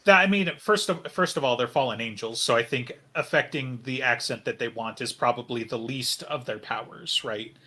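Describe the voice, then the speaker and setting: A man's voice: mid-range voice, normal speed, hardly any pauses, bright, forceful tone. A man co-hosting a casual fan podcast, rambling and speculative with lots of fillers. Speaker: podcast co-host.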